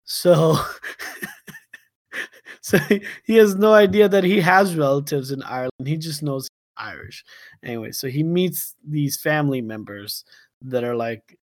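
A man co-hosting a podcast, improvising a rambling comic story, laughing often and slipping into quick silly impressions. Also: fairly high pitch, animated, no room sound. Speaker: podcast co-host.

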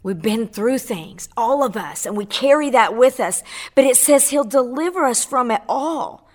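A woman's voice: on the high side, animated, moderate pace. Fervent woman giving her testimony. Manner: fervent and preacherly, swells on key phrases, repeats words. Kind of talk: impassioned spoken testimony on radio.

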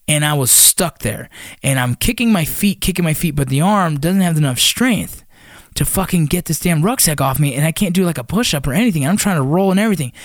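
Profane, animated man telling war stories. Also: fairly high pitch, no echo, studio quality. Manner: profane, animated, acts out quoted voices. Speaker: storyteller recounting army ranger training. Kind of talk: casual spoken storytelling.

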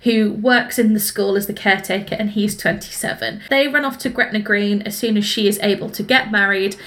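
Bright, bubbly woman. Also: medium pitch, a little fast. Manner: bubbly, laughing retelling with acted quotes. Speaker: podcast co-host. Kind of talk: casual book recap chat.

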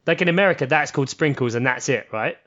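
A man chatting casually on a podcast with a dry, deadpan humor. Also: mid-range voice, fast talker, muffled recording.

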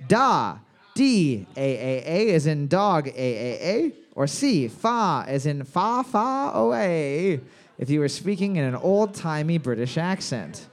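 A man's voice: high-pitched, a little mellow. A man hosting a bar trivia night over a microphone, reading questions twice and joking crudely between them. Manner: jokey, profane, repeats each question slowly. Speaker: trivia quizmaster.

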